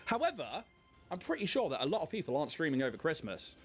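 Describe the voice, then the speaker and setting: A man's voice: fairly high pitch, wildly swooping pitch, fast talker, husky. Casual male host, chatty and self-deprecating, painting-stream banter, faint music behind. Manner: chatty, self-mocking, laughs often. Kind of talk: casual chat while painting miniatures on a livestream.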